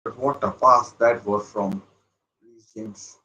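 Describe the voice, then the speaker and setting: A man commentating live as a fan while watching a football match, muttering asides and breaking into excited outbursts. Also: fairly low pitch, takes it slowly, low-quality recording.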